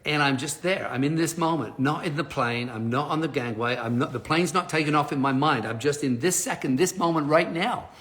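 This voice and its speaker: Man, fairly high and bright voice, lively live-stream storyteller with laughs and casual swearing. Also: brisk, hardly any pauses. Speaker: motivational speaker.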